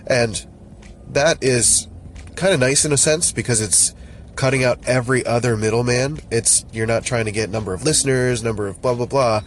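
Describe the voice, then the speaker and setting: A man's voice: medium pitch, normal speed. A man hosting a casual solo podcast, rambling and interrupting himself, laughing at his own jokes. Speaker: podcast host. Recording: loud background noise.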